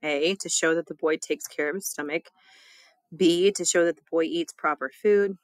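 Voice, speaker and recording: Casual teacher reading a test aloud. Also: female voice, sits low, moderate pace, dry recording. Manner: casual, chatty, with small laughs.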